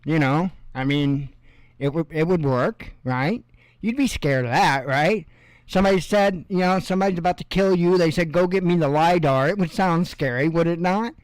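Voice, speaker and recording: A man's voice: a little high, moderate pace, dry recording. A male host giving rambling, sarcastic commentary on the news, with mocking asides.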